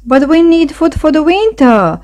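Tiny nervous boy mouse that a lady does, squeaky, way up high. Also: lively intonation, slow, a little mellow. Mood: pleading. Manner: anxious, squeaky. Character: small timid young male mouse. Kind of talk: storybook read-aloud.

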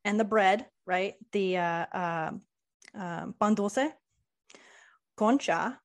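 A woman's voice: mid-range voice, steady tone, takes it slowly. A woman author chats as a podcast guest in a loose, easygoing way. She often hesitates with ums and uhs as she finds her words. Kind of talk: casual interview chat.

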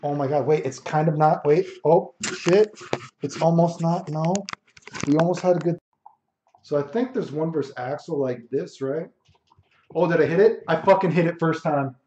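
A man with a slightly high, warm voice streams a fighting game, commentating in a brash, boastful, and profane way at a normal speed. The room is echoey and the mic sounds dull and lo-fi.

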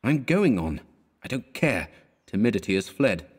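A man voicing a lovesick young male painter who speaks sadly and gently. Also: on the low side, big pitch swings, normal speed, breathy edge. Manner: sad, gentle, dogged.

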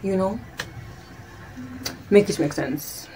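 A woman's voice: medium pitch, takes it slowly, dark tone, faint music behind. A young woman with a Kenyan accent, chatting casually as a vlogger, laughing often and switching freely into Swahili slang. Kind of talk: casual chat.

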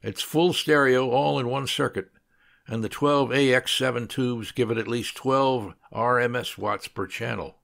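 A man's voice: medium pitch, fairly even intonation, unhurried, creaky, fairly bright tone. A man voicing a young male student who explains electronics in a matter-of-fact way. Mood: plain.

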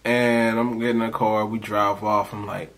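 A man's voice: fairly low pitch, normal speed. A man telling a story casually to camera for his vlog, in a loose, slangy, rambling way that keeps breaking into laughs. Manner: animated, acts out the people he quotes. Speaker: storytime vlogger.

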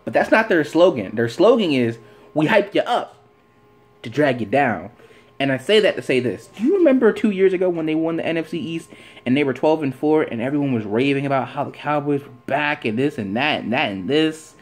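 A man vlogging an opinionated sports rant, his voice sitting a touch high and swinging widely up and down. He fires off rhetorical questions and leans on repeated phrases for emphasis. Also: animated, a little fast.

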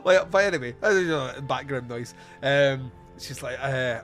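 A man hosting a casual film review podcast, animated and quick to laugh, acting out lines from the movie. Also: mid-range voice, faint music behind. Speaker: podcast host.

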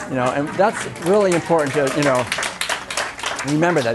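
A man giving an animated, conversational public talk at a festival, often acting out voices. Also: a little high, fairly quick, background noise. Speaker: speaker.

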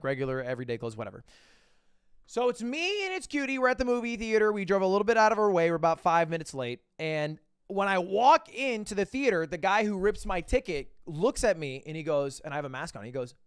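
A man's voice: sits high, sing-song, fast, smooth, dry recording, studio quality. A young man streaming, telling a rambling story to his chat with lots of restarts and swearing.

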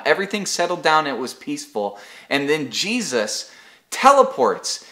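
A man with a medium-pitched, fairly bright voice leads an online Bible study, teaching in a casual, conversational devotional style. He often repeats a word as he restarts a thought and draws on everyday examples.

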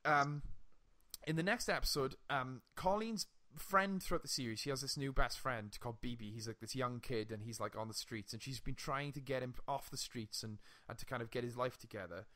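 A young man co-hosting a casual podcast, retelling a TV episode with lively swearing and frequent laughs. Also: medium pitch, brisk. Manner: animated storytelling, swearing, laughing often. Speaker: podcast co-host. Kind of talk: casual chat.

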